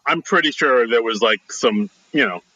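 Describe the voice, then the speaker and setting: A man with a bright, sharp voice recaps a film plot in a relaxed, rambling way, filling pauses with ums and likes. The sound is close and dry. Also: mid-range voice, dry recording, muffled recording. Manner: relaxed, loose recaps with filler words. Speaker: podcast co-host. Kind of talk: casual movie discussion.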